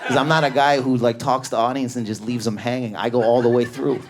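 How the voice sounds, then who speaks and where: Brief: male stand-up comic, manic and profane, neurotic crowd work, live club audience laughing. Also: fairly even intonation. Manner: high energy, profane, neurotic, rapid riffs. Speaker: stand-up comedian. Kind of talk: stand-up comedy, riffing on an audience member. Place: comedy club stage.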